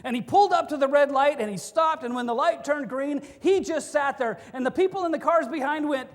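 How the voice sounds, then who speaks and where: Pastor giving a chatty sermon with funny stories, high voice, big reverb in the church. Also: fairly quick, few pauses. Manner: conversational, with humorous anecdotes. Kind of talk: sermon with storytelling. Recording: long reverb of a church hall.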